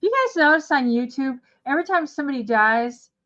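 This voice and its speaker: A woman hosts a live vintage sale in a chatty, rambling way, her voice sitting fairly high. The recording sounds dull and lo-fi. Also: sing-song, fairly quick, a bit bright. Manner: rambling, chatty, laughing asides. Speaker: host selling vintage items.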